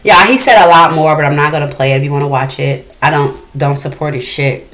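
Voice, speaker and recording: A woman's voice: sits low, fairly quick, fairly bright tone, low-quality recording. A woman hosting a reaction commentary, talking in an angry, confrontational and profane way. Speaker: commentary host.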